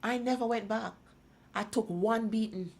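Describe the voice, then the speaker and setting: Guest speaker, middle-aged woman, emphatic storyteller, rough fry in the voice. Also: on the high side, normal speed, darkish tone, slight background noise. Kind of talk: personal testimony in a talk program.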